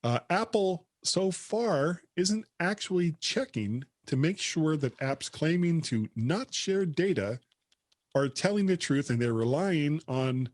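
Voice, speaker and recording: A man co-hosts a tech podcast in a relaxed, chatty way, often chuckling as he reads out items. His voice sits fairly high for a man. The recording is dry and close, with no room sound. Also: takes it slowly, no room sound. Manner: chatty, laughs while reading news. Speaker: podcast co-host. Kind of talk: casual chat.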